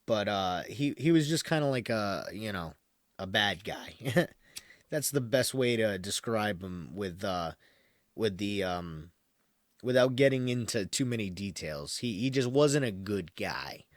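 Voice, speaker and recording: A man's voice: on the low side, expressive, a little slow, no room sound. A man hosting a podcast, reading from an article and breaking off into rambling, wry asides with lots of fillers and laughs. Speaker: podcast host. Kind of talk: casual commentary while reading from an article.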